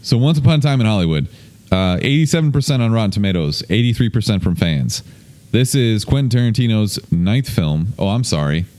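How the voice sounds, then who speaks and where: A man's voice: fairly low pitch, expressive, a little fast, darkish tone. A man hosting a podcast in loose, rambling casual chat, swearing freely. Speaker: podcast host. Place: indoor room, streamed on video.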